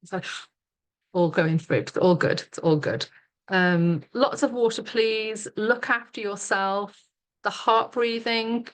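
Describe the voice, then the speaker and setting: A middle-aged woman, leading a live online workshop as a coach in a chatty, giggly way full of fillers, over a webcam mic. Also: medium pitch.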